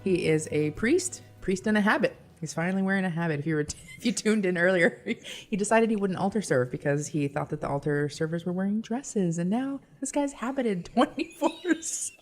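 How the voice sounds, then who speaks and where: Female radio host, Texan accent, low voice, folksy and chatty, faint music bed. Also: lively intonation, a little fast, few pauses. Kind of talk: casual radio interview.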